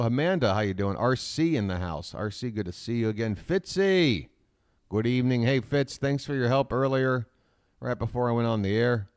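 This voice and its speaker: A man's voice: mid-range voice, clear, resonant tone, dry recording, clean studio sound. A man hosting a casual live stream from his laptop at home, rambling with self-mocking asides and reading out the chat.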